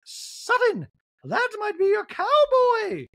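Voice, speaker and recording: A man putting on a shrill, wounded grown woman. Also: huge pitch swings, takes it slowly, vocal fry, fairly bright tone, full character voice. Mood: shrill pleading. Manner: very high, strained, pleading.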